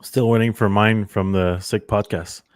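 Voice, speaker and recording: A man who is a guest on a sports podcast, a former player chatting in a relaxed, easy way. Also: lowish voice, normal speed, smooth, dry recording, studio quality. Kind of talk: casual chat.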